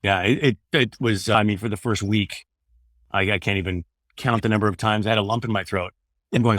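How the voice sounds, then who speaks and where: A man's voice: lowish voice, steady tone, fairly quick, a bit bright, no room sound. An earnest middle-aged man from Canada talks through a candid interview. His delivery rambles and restarts, full of "man" and "you know". The sound is dry and close. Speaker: radio host turned podcaster, guest.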